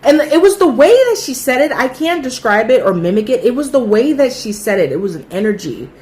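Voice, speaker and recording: A woman in her thirties telling a casual storytime, chatty and animated, acting out what other people said. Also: on the high side, a little fast. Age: 30s.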